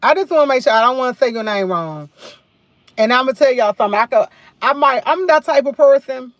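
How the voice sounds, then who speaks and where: A woman's voice: high-pitched, lively intonation, brisk, no room sound. Chatty New woman livestreaming. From New York. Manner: chatty, repeats phrases, rambling storytelling. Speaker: livestream host. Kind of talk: casual live chat.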